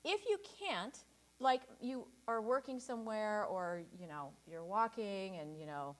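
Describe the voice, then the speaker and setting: A woman leading a choir rehearsal, encouraging the singers and demonstrating breathing and staccato warm-up sounds. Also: mid-range voice, lively intonation, a little slow. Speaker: choir director.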